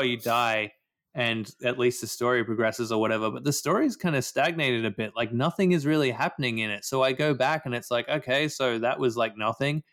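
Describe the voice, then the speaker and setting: A man's voice: mid-range voice, fairly bright tone. A man ranting about a video game in casual chat, swearing often. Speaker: podcast co-host.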